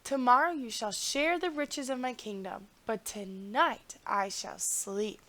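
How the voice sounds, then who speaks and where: A woman's voice: fairly high pitch, unhurried, pushed and bright. A woman voicing a sleepy old king. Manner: grand, drowsy.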